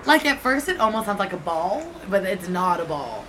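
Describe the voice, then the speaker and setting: A woman's voice: medium pitch, very animated, moderate pace, noisy background. A young woman co-hosting a podcast, teasing and blunt, swearing casually. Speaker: podcast co-host. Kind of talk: casual chat.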